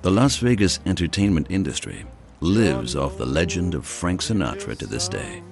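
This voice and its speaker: A man giving grave, measured scripted documentary narration. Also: low-pitched, sing-song, gravelly, over music.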